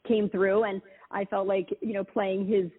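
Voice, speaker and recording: Husky woman rambling through a story, lots of "like", sounds like a phone line. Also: mid-range voice, flat delivery, unhurried. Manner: chatty storytelling, many "like" fillers. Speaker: guest actress. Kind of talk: casual chat. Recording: phone-like audio.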